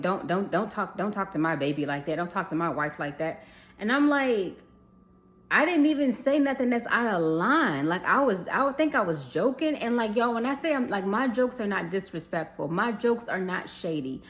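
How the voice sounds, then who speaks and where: A young adult woman telling a personal story to viewers in a casual storytime vlog, chatty, calling them y'all and swearing freely. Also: mid-range voice.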